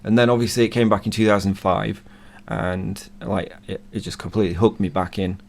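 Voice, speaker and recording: A man in his thirties, hoarse from being ill, chatting casually and rambling enthusiastically as a co-host. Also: fairly low pitch, fairly even intonation, fairly quick, darkish tone. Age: 30s. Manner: rambling, enthusiastic fan talk. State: hoarse from illness. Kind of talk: casual chat.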